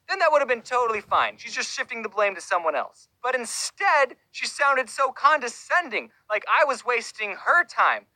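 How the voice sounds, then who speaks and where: A woman with a fairly high, sharply bright voice tells a comic story from her own life, with dry, sarcastic asides. Her pitch swings widely as she talks, and the sound is close and dead dry, with no room around it. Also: sing-song, moderate pace, hardly any pauses, no echo, low-quality recording. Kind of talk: comedic personal storytelling.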